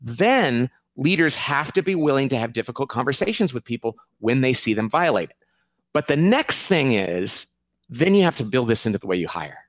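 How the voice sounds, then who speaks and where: A man answering interview questions as an author and consultant, lively and acting out quoted people. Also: medium pitch, normal speed, no room sound. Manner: animated, acts out quoted people in raised voice.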